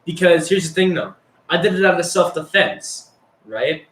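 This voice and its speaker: A man's voice: on the high side, animated, moderate pace, a bit bright. A young man casually telling a story from his school days, rambling and swearing with lots of fillers. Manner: rambling, profane, filler-heavy. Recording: echoey room.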